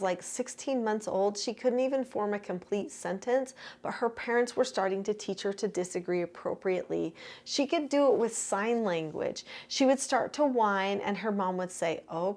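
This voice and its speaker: An older woman, a parenting coach, giving earnest and steady advice in an instructional talk. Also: mid-range voice.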